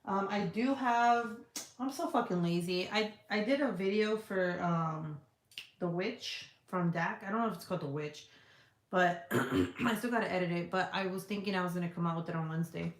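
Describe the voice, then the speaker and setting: A woman in her thirties chats casually on a live stream, blunt and full of swearing, and laughs often. Her voice sits fairly low, and the cold room at home gives it a roomy, echoing sound. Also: moderate pace. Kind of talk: casual live chat, reading viewer comments. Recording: echoey room.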